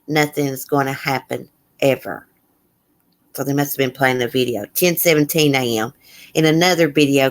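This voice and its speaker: Reading a news story aloud on a laid-back live stream, a host speaks in a medium-pitched voice. They break in with blunt, indignant comments and fire off quick remarks to the chat.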